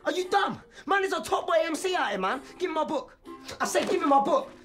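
A man's voice: extremely high pitch, sing-song, brisk, fairly bright tone, faint music behind, exaggerated voice. An actor playing a boastful young man, a would-be rapper with a London accent, talking brash street slang in a comic film. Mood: bickering. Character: young male wannabe rapper, cocky and boastful. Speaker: film character.

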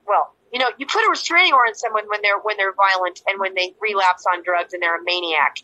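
A woman's voice: mid-range voice, fast, sharp tone, muffled recording, a little hiss or hum. A woman interview guest giving an emotional personal account, rambling and repeating herself as she acts out quoted dialogue.

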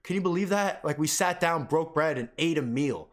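A man's voice: fairly high pitch, expressive, moderate pace. A young man streaming, talking casually and emotionally in a rambling way, full of fillers.

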